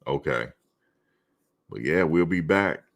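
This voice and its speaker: Very deep-voiced male fan stream host. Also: lively intonation, takes it slowly, creaky. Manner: laid-back, teasing chat commenters. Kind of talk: casual chat reading live comments.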